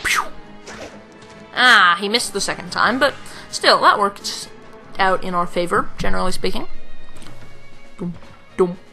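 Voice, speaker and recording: A woman's voice: mid-range voice, moderate pace, gravelly, bright, forceful tone, faint music behind. A young woman casually commenting on a strategy game she plays, rambling, with filler sounds. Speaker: let's play host.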